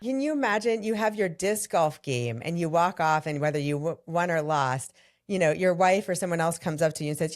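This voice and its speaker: Low-voiced woman podcast host. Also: fairly quick. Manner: affirming listener, frequent agreeing interjections. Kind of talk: conversational interview.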